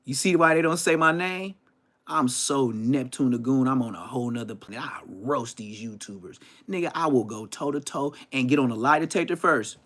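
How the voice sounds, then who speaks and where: A man hosting his podcast in a loud, rambling, profane rant. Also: medium pitch, normal speed. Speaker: podcast host. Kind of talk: casual ranting podcast monologue.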